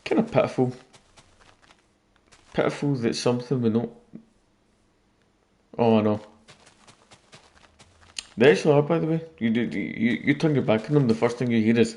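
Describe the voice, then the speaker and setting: A man's voice: medium pitch, normal speed, long pauses, a little mellow. A man casually commenting on his gameplay late at night, rambling and joking with viewers. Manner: rambling, jokey, talking to viewers. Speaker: gaming YouTuber.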